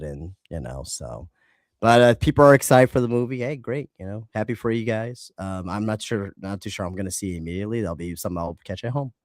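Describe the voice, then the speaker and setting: A man's voice: lowish voice, no echo, studio quality. Laid-back man co-hosting a podcast. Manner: laid-back, lots of short agreements and fillers. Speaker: podcast co-host. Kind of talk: casual podcast chat.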